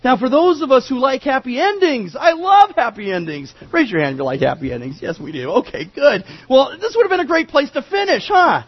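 A male preacher delivers a sermon with a very high, lively voice that rises and falls dramatically. His tone is husky. The recording sounds dull and lo-fi. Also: fairly quick, hardly any pauses. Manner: animated, dramatic storytelling.

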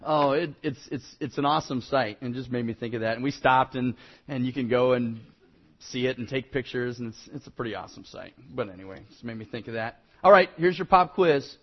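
A man's voice: mid-range voice, a little fast, dull audio. A male pastor preaching a conversational sermon in a church, folksy and joking with the congregation, with fillers and repeats.

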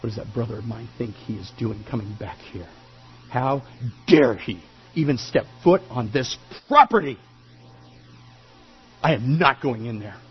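A man's voice: extremely high pitch, sing-song, moderate pace, breathy edge, muffled recording, faint music behind, heavily acted. A man playing a resentful older brother who speaks with indignant, bitter anger. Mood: seething.

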